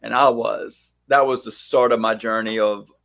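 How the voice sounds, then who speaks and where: Fifties male co-host, hairstylist, lively storyteller who acts out dialogue. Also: lowish voice, moderate pace, creaky. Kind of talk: casual chat.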